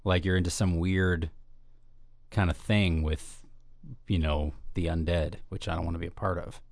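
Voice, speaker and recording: A man's voice: sits low, steady tone, normal speed, a little mellow, no room sound, studio quality. A man co-hosting a casual podcast, rambling and playful with lots of fillers and restarts. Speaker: podcast co-host.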